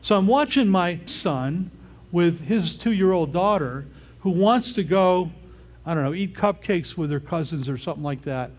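Older male pastor, husky, slightly high voice, chatty sermon delivery that keeps checking in with the congregation. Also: animated, a little slow. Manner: informal, often checks in with the audience. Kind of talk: conversational sermon.

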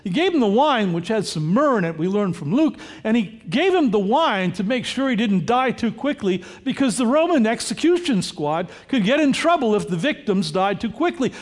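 A man preaching a sermon, reading scripture aloud and explaining it verse by verse with emphatic, at times loud, delivery. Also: high-pitched, very animated, normal speed, hardly any pauses. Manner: explanatory, emphatic, rises to loud cries on quoted words. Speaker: pastor. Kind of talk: sermon with running scripture commentary.

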